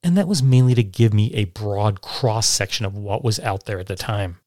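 A man presenting and reading aloud old newspaper headlines, talking informally and reading quoted lines slowly and deliberately. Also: lowish voice, mellow, no room sound, clean studio sound. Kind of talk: informal educational narration.

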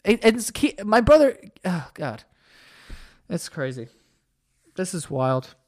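High-voiced man ranting, profane. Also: very animated, slow, darkish tone. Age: young adult. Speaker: podcast host. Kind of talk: ranting solo podcast.

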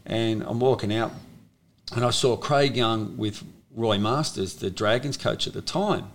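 In a casual storytelling interview, an Australian man in his fifties who once played rugby league tells rambling stories, often restarting his sentences. His voice is fairly low and a little slow.

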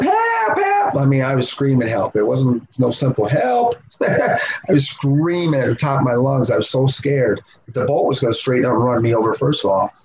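A man guest on a podcast, telling a story in a lively way and laughing often. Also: medium pitch. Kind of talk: animated storytelling. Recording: slightly dull sound with faint noise.

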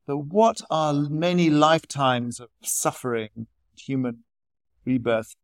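A man's voice: fairly high pitch, slow, dry recording. Brief: male Buddhist teacher, easygoing conversational lecture, dry close recording. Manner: relaxed, conversational, storytelling asides. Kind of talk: informal dharma talk.

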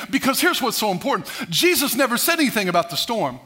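High, bright-voiced preaching pastor. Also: male voice, sing-song, fast, hardly any pauses. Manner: emphatic, swings between loud declarations and hushed asides. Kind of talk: sermon.

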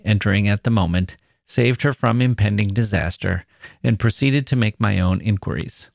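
Man reading a story on a podcast, lowish voice, dry studio sound. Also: gravelly, dry recording. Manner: measured storytelling. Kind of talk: literary reading.

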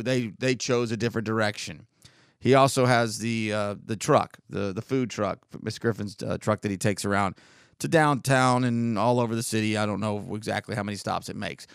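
Wry, rambling man with a smooth voice. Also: on the low side, fairly even intonation, moderate pace, no room sound, studio quality. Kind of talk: casual solo monologue.

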